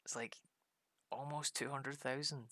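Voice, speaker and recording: A man's voice: mid-range voice, steady tone, measured pace, pushed and bright, dry recording, studio quality. A man giving rambling, casual commentary over a video game, laughing often. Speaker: gaming video host.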